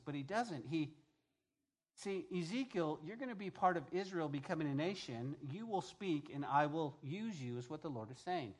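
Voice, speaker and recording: A male pastor delivering a sermon with a somewhat higher voice than most men. He preaches in an animated way, rising to loud emphasis and dropping to soft, hushed asides, and keeps asking the congregation if they follow. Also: normal speed.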